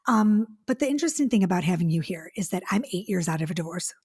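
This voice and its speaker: A woman hosts a podcast with a slightly husky, breathy voice. She gushes and talks excitably, restarting her sentences as she goes, in a casual chat. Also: on the low side, quick pace. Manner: gushing, excitable, restarts often. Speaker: podcast host.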